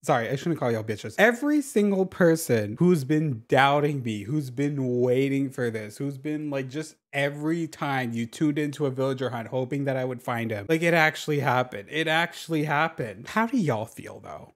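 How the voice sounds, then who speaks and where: A man chatting casually over a video game, animated and chatty, dropping lots of "like" and swearing freely. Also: mid-range voice, moderate pace, hardly any pauses. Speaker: gaming YouTuber. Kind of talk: casual chat over gameplay.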